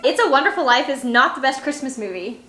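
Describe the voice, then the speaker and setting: A woman's voice: high-pitched, animated, quick pace, pushed and bright, echoey room. A young woman hosting a casual chat, telling stories with lots of fillers and laughs. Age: young adult. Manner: chatty storytelling with frequent laughter and fillers. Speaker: channel host.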